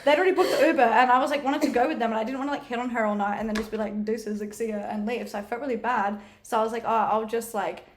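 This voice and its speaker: A woman's voice: a little high, racing, few pauses, slight background noise. A young woman, chatting as a guest and telling stories animatedly, with lots of laughter. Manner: animated storytelling with frequent laughter and "like". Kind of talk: casual chat.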